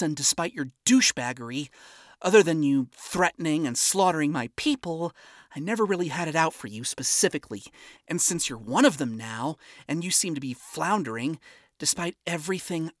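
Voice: medium pitch, fairly bright tone, dry recording, studio quality, pitched above the performer's own voice. A narrator voicing an earnest, idealistic young princess who stammers. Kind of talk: amateur audiobook reading.

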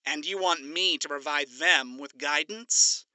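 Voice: medium pitch, unhurried, pushed and bright, dry recording. A narrator voicing a vain, sardonic male demon who drawls and teases in a storybook reading. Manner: drawling, sarcastic, teasing.

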